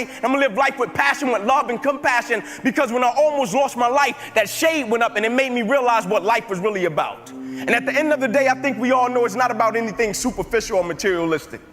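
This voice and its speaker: A man's voice: extremely high pitch, a bit bright. A man giving a live motivational speech to an audience, emphatic and building his points through repeated phrases. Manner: emphatic, repetitive building cadences. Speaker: motivational speaker. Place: large hall before an audience. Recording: reverberant hall with music underneath.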